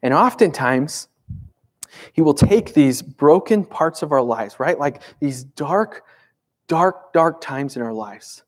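Pastor, man, slightly high voice, chatty emphatic sermon delivery. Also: expressive, takes it slowly. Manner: conversational, emphatic, asks rhetorical questions.

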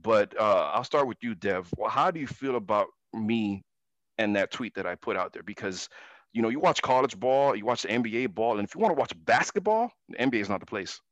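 A man's voice: lowish voice, animated, a little fast, fairly bright tone, no echo, highs cut off. A man hosting a sports talk radio show, talking emphatically and ranting about basketball.

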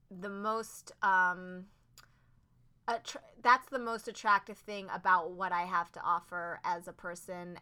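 A woman who acts on stage, talking as a podcast guest, earnest and animated, with many "like"s and restarts. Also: medium pitch, clean tone. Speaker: Broadway actress, podcast guest. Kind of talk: casual interview chat.

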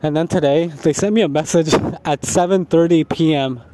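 Guy ranting outside, swears a ton, kinda high voice, some street noise behind him. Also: moderate pace. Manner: heavy profanity, animated ranting with laughs. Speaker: vlogger. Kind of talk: casual ranting storytime.

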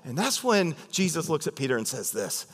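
Man preaching a sermon, bright tense voice, long reverb of a church hall, chatty questions to the crowd. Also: a little high, brisk. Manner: animated, conversational, asks the congregation questions. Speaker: pastor.

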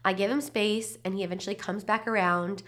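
A woman's voice: medium pitch, steady tone, a little fast, a bit bright. Chatty, encouraging woman podcast host. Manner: candid, encouraging, chatty with lots of "like". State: heavily pregnant. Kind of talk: casual solo podcast talk.

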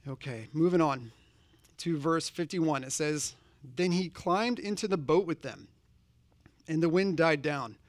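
A man's voice: a little high, a little slow, dry recording. Earnest preaching man, dry close sound. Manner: earnest, conversational preaching with direct questions to the congregation. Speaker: pastor. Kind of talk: sermon.

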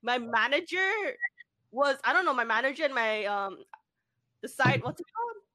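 A young woman chatting casually with friends, telling a work story with animated, swearing delivery. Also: high-pitched, normal speed, slight background noise. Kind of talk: casual chat.

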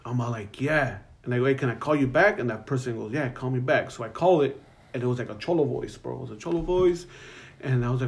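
A young man, telling a profane, animated story as a podcast co-host. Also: medium pitch, quick pace, creaky. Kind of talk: casual storytelling.

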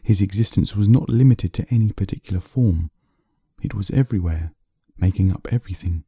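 A man reading a bedtime story aloud in a slow, soothing narration. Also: low-pitched, mellow, breathy edge, no echo, clean studio sound.

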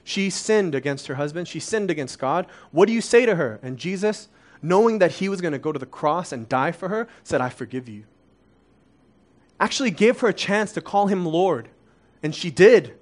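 A young adult man preaching a sermon, earnest and confessional, dropping soft and then rising to emphatic peaks. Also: high voice, expressive, moderate pace.

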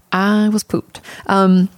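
A woman's voice: mid-range voice, little pitch movement, drawn-out words, no echo. A woman podcast host and therapist giving candid, chatty advice and swearing casually.

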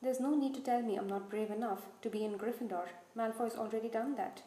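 A woman's voice: on the high side, steady tone, brisk, warm tone, echoey room, close to an everyday voice. A woman voicing a timid teenage boy who mumbles shakily. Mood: shaken. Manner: shaky, mumbling, choked.

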